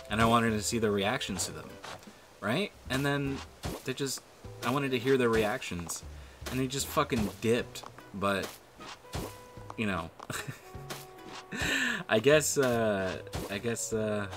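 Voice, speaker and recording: A man giving casual, rambling gameplay commentary, with lots of fillers and swearing. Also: lowish voice. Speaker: gaming video creator. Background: background music.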